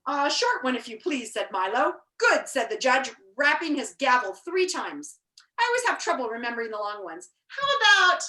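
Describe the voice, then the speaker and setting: A woman reading a children's book aloud to kids, animated and teacherly, with chatty asides. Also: high-pitched, reverberant. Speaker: storybook reader.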